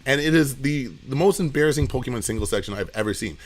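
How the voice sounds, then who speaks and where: A man's voice: mid-range voice, lively intonation. A man who owns a comic shop, running a live auction and telling rambling shop stories in casual chat. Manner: rambling storyteller, quick asides.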